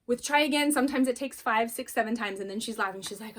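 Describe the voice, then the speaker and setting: A woman's voice: a little high, fast, hardly any pauses, a bit bright. A middle-aged woman teaching a parenting lesson in an earnest, encouraging, chatty way, acting out little quotes to her kids. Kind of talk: talking-head parenting lesson.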